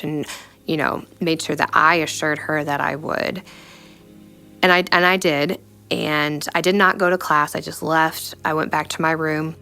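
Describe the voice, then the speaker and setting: Low, gravelly young woman telling her story. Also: steady tone, bright, forceful tone. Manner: reflective, halting, many "you know" fillers. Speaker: storyteller sharing a personal testimony. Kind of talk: personal faith testimony.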